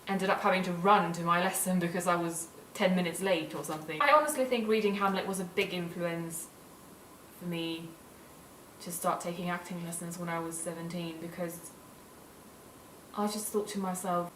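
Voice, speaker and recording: A woman's voice: lowish voice, fairly even intonation, normal speed, fairly bright tone, echoey room, distant mic, a little hiss or hum, rough recording. A young woman from Sweden vlogging in a casual, gushing and earnest way. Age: young adult. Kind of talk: casual vlog talk.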